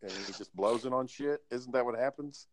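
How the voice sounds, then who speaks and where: A man's voice: medium pitch, normal speed, low-quality recording. A man telling stories in a casual chat, swearing freely and acting out what others said. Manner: storytelling, profane, acts out quotes.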